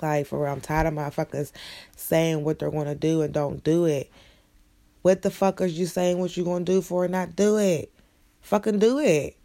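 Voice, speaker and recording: A woman's voice: low-pitched, little pitch movement, normal speed, dark tone. A young woman ranting bluntly and profanely in a casual monologue. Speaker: vlogger.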